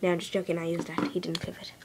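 A woman's voice: lowish voice, completely flat delivery, rapid-fire, noisy background. A young girl giving a playful home video tour, telling silly stories with mock-serious asides, recorded in a bedroom on a camera mic. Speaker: vlogger.

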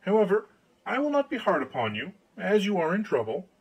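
A man's voice: sits high, huge pitch swings, brisk, husky, voice pushed up, full character voice, low-quality recording. A man voicing a shrewd, sly countryman who talks in a persuasive, confiding manner.

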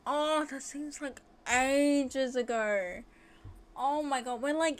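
A woman casually narrating her own life-sim game, gushing and excitable with frequent gasps and squeals. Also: high-pitched, slow. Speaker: gaming video host. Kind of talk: casual let's-play commentary.

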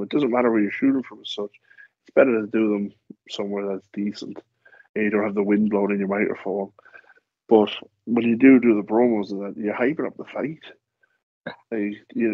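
Husky guy rambling thru wrestling stories, dry dull lo-fi sound. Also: fairly low pitch, dry recording. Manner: rambling, animated storytelling with acted-out quotes. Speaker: wrestler guest on a podcast. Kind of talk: casual chat.

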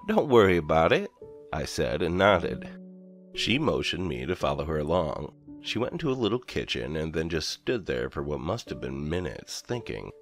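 Man, horror story narrator, gravelly, lively intonation, measured telling. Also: extremely low pitch. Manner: measured, first-person storytelling. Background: soft background music.

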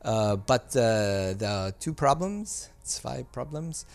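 A man voicing an excited actress, talking eagerly. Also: medium pitch, slow pace, vocal fry, faint music behind. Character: excited German actress, woman, adult.

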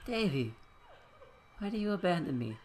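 A man's voice: high-pitched, big pitch swings, normal speed, a little hiss or hum, pitched above the performer's own voice. A man voicing a bitter, confused sick mother as he reads game dialogue aloud, plaintive and accusing.

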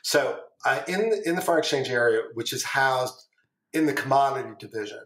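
Talking a little fast in a mid-range, slightly bright voice, a middle-aged former trader guests on a podcast and rambles through long stories, repeating phrases and swearing casually. It's a relaxed storytelling interview in an echoey room.

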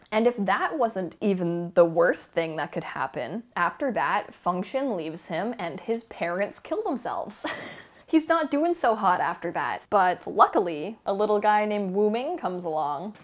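A woman rambling casually about a book she loves, with an animated, gushing fan manner and frequent laughter. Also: medium pitch, measured pace. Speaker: book vlogger. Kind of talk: casual book review chat.

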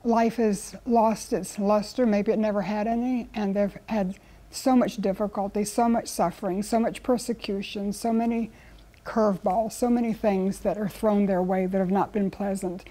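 A woman's voice: medium pitch, fairly even intonation, moderate pace, mellow. A woman, a guest Bible teacher speaking in an earnest, conversational teaching style. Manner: earnest, storytelling with acted quotes.

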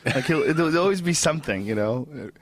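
A man's voice: fairly high pitch, lively intonation, quick pace. A man hosting a podcast in casual chat, laughing often and swearing freely. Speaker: podcast host.

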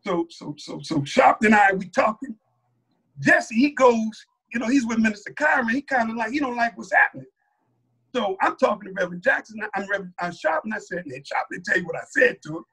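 A man, a mosque captain, giving a personal testimony as a lively, colloquial story, acting out what others said. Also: high voice, fairly quick, breathy edge. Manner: animated, colloquial, acts out other people's lines.

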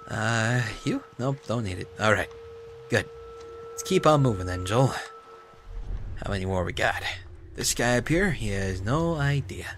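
A man giving let's-play commentary, taunting enemies with mock politeness and swinging between hushed whispers and loud yells. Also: medium pitch, expressive, measured pace, long pauses, noisy background. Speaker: gaming commentator.

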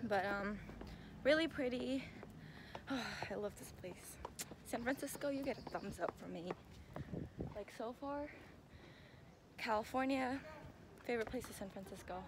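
A young woman vlogging on city streets, chatty and excitable, often breaking into laughter. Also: a little high, unhurried, long pauses. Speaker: travel vlogger. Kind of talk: casual vlog narration to camera. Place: outdoors on busy city streets. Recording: loud street noise outdoors.

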